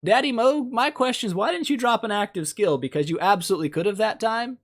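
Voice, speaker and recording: A man's voice: high-pitched, quick pace. A man giving casual gameplay commentary as a mobile game YouTuber, joking and teasing the characters in a playful, mock-insulting way.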